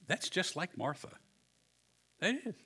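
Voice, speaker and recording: A man preaching a sermon, animated and joking, acting out the people in his story. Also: sits high, a little slow, husky. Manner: animated, acts out voices with humor. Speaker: pastor.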